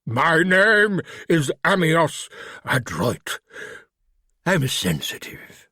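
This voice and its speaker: A man voicing a huge clawed cave monster that speaks slowly and courteously in a deep, garbled, refined British voice. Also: very animated, pushed and bright, breathy edge, no room sound, studio quality, full character voice. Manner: slow, courteous, apologetic.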